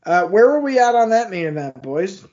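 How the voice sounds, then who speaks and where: High-pitched man, podcast co-host, wry quips, casual chat, dull lo-fi audio. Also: very animated, normal speed, a little mellow. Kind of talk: casual watch-along chat.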